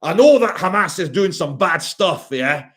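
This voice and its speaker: A man voicing a mocked male politician who shouts and swears indignantly, pushing each point with a jabbing "yeah?". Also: sits high, animated, normal speed, voice pushed up.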